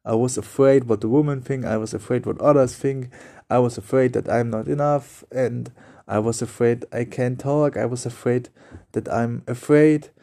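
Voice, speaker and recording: Man, young adult, non-native English speaker, mellow tone, earnest motivational podcast talk, repetitive phrasing. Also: medium pitch, steady tone, normal speed. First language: not English. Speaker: podcast host.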